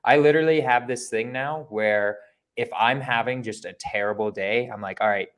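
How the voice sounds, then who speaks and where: Bright-voiced enthusiastic podcast host man. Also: mid-range voice, moderate pace. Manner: enthusiastic, agreeable. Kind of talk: casual podcast conversation.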